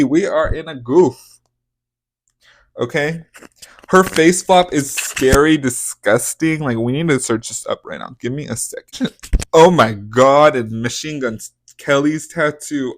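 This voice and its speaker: A young podcast host with a slightly high voice gives casual, profane commentary on celebrity gossip, breaking into dramatic, exaggerated outbursts. There's no echo on the recording.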